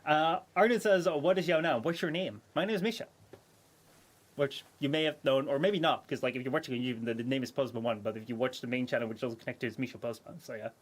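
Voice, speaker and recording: A man's voice: mid-range voice, quick pace. A man from the Netherlands with a Dutch accent that leans American, native Dutch speaker, chatting casually with viewers while streaming a game, rambling with lots of fillers and restarts. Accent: Dutch, with an American lean.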